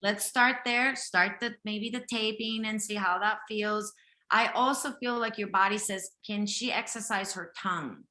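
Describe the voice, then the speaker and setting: Her voice is mid-range, steady and unhurried, with a sharp edge and plenty of reverb. A native Japanese speaker from Japan with a slight accent, she hosts a live health reading for one participant, talking directly and insistently and often asking "okay?".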